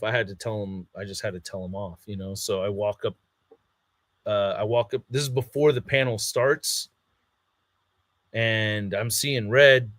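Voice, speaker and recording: There's no echo on this man's mid-range, slightly bright voice. As a podcast co-host in casual conversation, he launches into a heated story, cursing a lot and performing other people's quotes.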